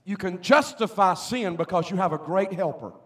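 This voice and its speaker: A man preaching a sermon as pastor in a church, swinging between quiet asides and loud, emphatic outbursts. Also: high voice, normal speed. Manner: preaching with rising, shouted emphasis. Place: church sanctuary.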